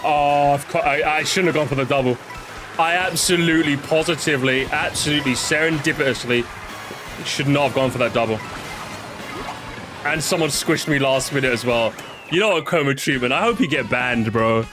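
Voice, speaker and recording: A man's voice: fairly high pitch, moderate pace. A young man chatting casually with viewers as he plays, rambling and swearing freely, with game music behind him. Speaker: streamer. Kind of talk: casual gaming commentary.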